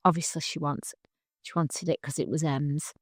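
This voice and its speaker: A middle-aged woman, co-hosting a casual chat, animated and quick to laugh. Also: sits low, dry recording, clean studio sound. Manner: chatty, laughs often, animated storytelling. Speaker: podcast co-host.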